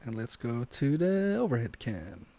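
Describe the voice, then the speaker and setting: A man's voice: medium pitch, big pitch swings, unhurried, warm tone. A man from Poland, talking through a fiddly repair on a livestream with self-deprecating asides. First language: Polish. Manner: muttering asides while working, self-deprecating. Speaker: repair streamer. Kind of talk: live repair commentary.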